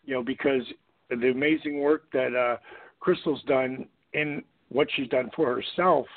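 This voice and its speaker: Over a tinny phone line, a middle-aged man hosting a radio show tells stories in a gravelly, medium-pitched voice at a measured pace. His casual motivational talk is packed with fillers, and he animatedly acts out the quotes.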